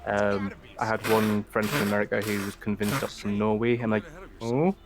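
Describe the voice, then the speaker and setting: A man's voice: fairly low pitch, level tone, a little fast. A man with a Geordie accent from Northern England, chatting casually and rambling through a let's play. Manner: rambling, filler-heavy talk. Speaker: streamer. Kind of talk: casual chat.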